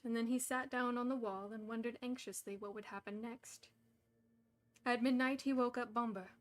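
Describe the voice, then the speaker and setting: Young woman host, slightly high voice, giggly and chatty read-aloud storyteller, feeling overheated. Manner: giggly, chatty, self-deprecating. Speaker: stream host and reader.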